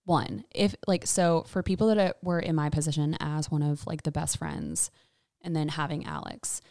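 A young woman in casual chat, telling animated stories and acting out quotes with lots of laughter. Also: deep voice, normal speed, no room sound, clean studio sound. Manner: animated storyteller who acts out quotes, laughs often.

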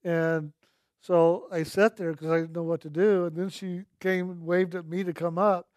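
Gentle earnest man, fairly high voice. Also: little pitch movement, no room sound, studio quality. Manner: gentle and earnest, repeats key phrases slowly. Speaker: speaker sharing a personal testimony. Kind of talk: reflective spiritual storytelling.

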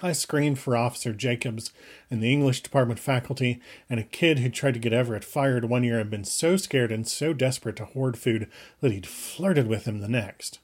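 A man reads a first-person story aloud at a medium pitch. His delivery is brisk and urgent, pushing through action scenes with shifting tempo. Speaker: audiobook reader. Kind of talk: first-person fiction narration.

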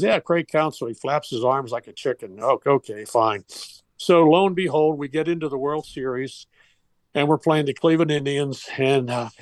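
A man's voice: medium pitch, no room sound. An older man and former baseball coach, telling a personal story in a heartfelt, rambling way with restarts.

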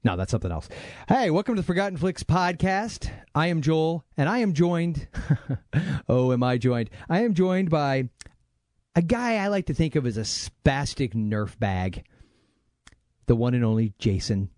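Lively joking podcast host man. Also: mid-range voice, moderate pace, dry recording, clean studio sound. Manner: joking, self-mocking. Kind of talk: casual podcast banter.

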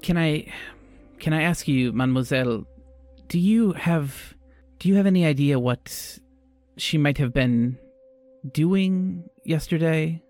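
A man's voice: a little high, a little mellow, faint music behind. A man voicing a hesitant, matter-of-fact male mortician who repeats himself and halts mid-sentence. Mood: measured. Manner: halting, repeats his words.

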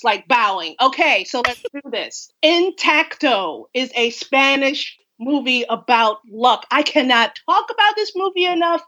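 A woman's voice: on the high side, fairly bright tone, low-quality recording. A woman horror writer speaking from home in an effusive, rambling, casual interview chat.

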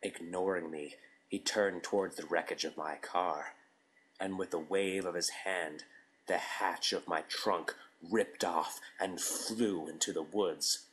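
A man narrating a scripted story in a measured, deliberate storytelling manner. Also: deep voice, steady tone, a bit bright, a little hiss or hum, low-quality recording.

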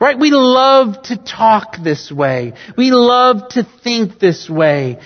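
A male pastor preaching a sermon earnestly, swinging between loud emphatic lines and quiet low ones. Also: very animated, slow pace, few pauses. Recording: dull sound with long church reverb.

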